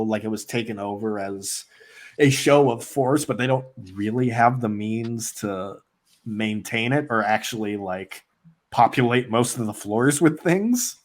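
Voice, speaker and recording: A man narrating as game master of a tabletop role-playing game, loose and relaxed with many fillers. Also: mid-range voice.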